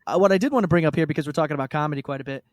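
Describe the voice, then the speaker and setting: A man's voice: on the high side, dry recording, studio quality. A man co-hosting a podcast, riffing on jokey tangents in casual chat. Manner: quick, jokey, riffs on tangents. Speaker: podcast co-host.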